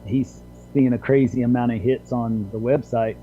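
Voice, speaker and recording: A man's voice: mid-range voice, steady tone, normal speed, warm tone, muffled recording, a little hiss or hum. An older man from Texas with a Texan accent, an easygoing co-host chatting on a live stream. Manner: easygoing, laughs easily. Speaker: podcast co-host. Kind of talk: casual live-stream chat.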